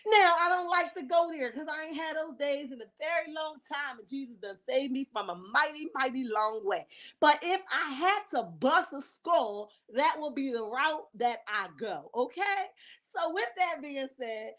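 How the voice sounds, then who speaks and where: A woman hosting a casual commentary stream, sassy and animated, talking straight to her chat. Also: high voice, measured pace. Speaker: commentary host.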